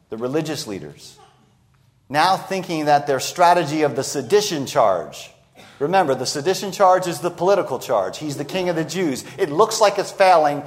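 High-voiced man preaching a sermon. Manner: expository preaching, acts out quoted lines, slows for emphasis.

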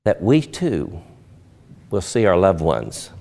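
A male pastor preaching a sermon, earnest, building to loud emphatic swells and slowing for solemn pauses. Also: low voice, wildly swooping pitch, creaky.

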